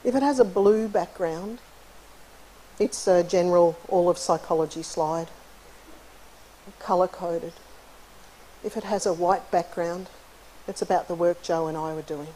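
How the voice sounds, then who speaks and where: Middle-aged woman, keynote psychologist, low mellow voice, chatty, frequent throat-clearing, faint room hiss. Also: a little slow, pauses often, rough recording. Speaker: conference keynote speaker, psychologist. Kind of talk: conversational lecture. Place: university lecture hall.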